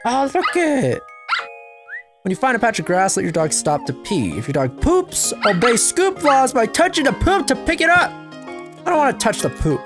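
A woman's voice: on the high side, sing-song, normal speed, over music. A woman giving casual gameplay commentary, sarcastic and playful, chatting to a virtual puppy.

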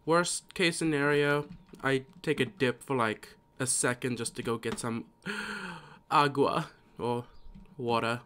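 A man chats his way through a live gameplay stream, tired and slow-paced, with a middling pitch. He rambles and mutters to himself between thoughts, as if there is no rush to get anywhere. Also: animated, a bit bright, a little hiss or hum.

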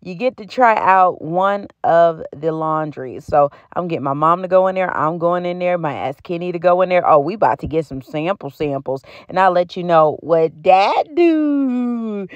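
A woman's voice: lowish voice, normal speed, few pauses, dry recording. A woman vlogger from the United States, chatting casually and slangily straight to her viewers about deals and her life. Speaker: beauty and home-goods vlogger. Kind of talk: casual chat to camera. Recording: dry, slightly muffled sound.

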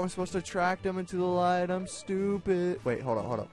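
A young man commenting on his own gameplay, excitable, self-mocking, and given to shouting at the game. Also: sits high, fairly quick, few pauses, faint music behind. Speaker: gaming video host. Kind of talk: let's play commentary.

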